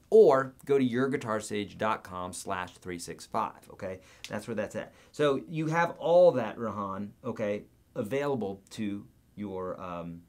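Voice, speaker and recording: A man with a lowish, slightly mellow voice runs a live guitar Q&A. He chats casually while reading viewer comments aloud and counting off beats and picking patterns.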